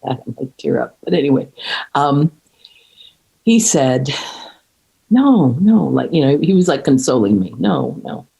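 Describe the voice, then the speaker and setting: A middle-aged woman in a reflective conversation, speaking earnestly and haltingly, with many restarts and fillers. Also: very deep voice, creaky, mellow, slightly rough, poor audio. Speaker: podcast guest.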